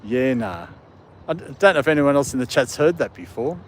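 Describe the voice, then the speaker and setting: A man with an Australian British accent, rambling easily and chuckling as he hosts a live stream. He speaks at a middling pitch into his phone outdoors in a park, with faint noise and passing traffic behind him. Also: very animated, a little fast. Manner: rambling and chuckling, talking to chat and dogs. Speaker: live-stream host walking his dogs. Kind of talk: casual live-stream chat.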